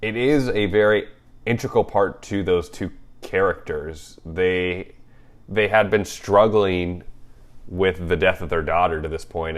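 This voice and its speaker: Young male co-host, very deep voice, animated and jokey. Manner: animated, jokey, laughs often. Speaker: podcast co-host. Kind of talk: casual movie chat.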